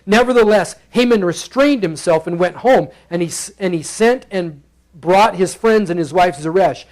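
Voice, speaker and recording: A high-pitched male pastor preaching from the pulpit, playful and animated as he acts out the characters. He talks to the congregation like a friend, breaking into quick voices for each character. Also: poor audio. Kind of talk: expository sermon. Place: church sanctuary.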